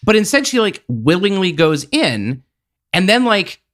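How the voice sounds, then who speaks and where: A man talking as a podcast guest in casual film chat, animated, swearing freely and leaning on "like" as filler. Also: high-pitched, unhurried. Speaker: podcast guest, TV and game producer.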